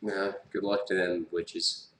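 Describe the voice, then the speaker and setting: A man co-hosting a casual live chat show, throwing in quick sarcastic quips. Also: sits low, little pitch movement. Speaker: co-host. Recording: echoey room with clear background noise.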